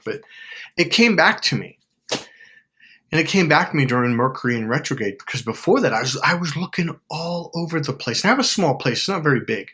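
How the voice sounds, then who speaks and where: Guy rambling self-help advice at the camera, animated, acts out little quotes, lots of restarts. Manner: animated, acts out quotes with sudden pitch jumps; rambling, with many fillers and restarts.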